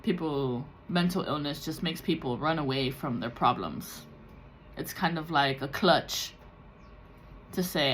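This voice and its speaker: With slight background noise behind her, a woman who does tarot and spiritual content speaks candidly and emotionally in a personal vlog. She swears freely and imitates people she quotes, her low voice animated and unhurried.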